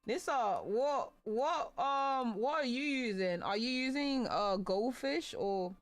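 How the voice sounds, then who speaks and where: A woman's voice: on the high side, slow, no room sound. A playful young woman, chatting casually while gaming and singing along goofily. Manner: playful, sings along to songs, goofy. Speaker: streamer.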